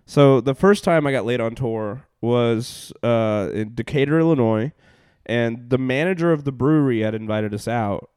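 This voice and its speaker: Young male comic, casual storyteller, smooth clear voice, dry close sound, loose rambling delivery. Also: medium pitch, normal speed, a little mellow, dry recording. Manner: rambling, laughing, full of fillers and swearing. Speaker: comedian and podcast host.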